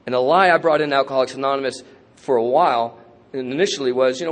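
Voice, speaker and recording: A man's voice: mid-range voice, quick pace. A man speaking at a recovery convention, telling his story candidly with streetwise slang and self-mocking humor. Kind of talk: personal recovery talk.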